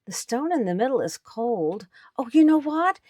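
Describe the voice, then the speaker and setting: Fairly high and a little mellow but husky, her voice swings widely in pitch at a moderate pace, with studio-quality sound and no room noise. The antiques picker and channel host gives chatty, enthusiastic on-camera commentary as she shows estate-sale finds to viewers.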